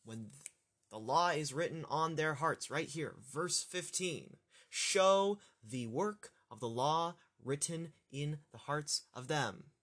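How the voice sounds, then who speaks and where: A man working through a scripture passage aloud as a teacher, thinking out loud, halting and correcting himself. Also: fairly high pitch, expressive. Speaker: Bible study teacher.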